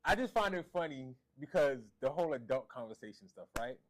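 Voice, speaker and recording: A man's voice: mid-range voice, animated, brisk, a little hiss or hum. A man on a casual podcast panel who keeps probing the others with questions. His voice is mid-range, and he tends to stammer through repeated words. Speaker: podcast co-host.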